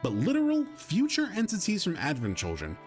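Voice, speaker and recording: Man, scripted video essay narration, animated pitch, music behind. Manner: explanatory, measured.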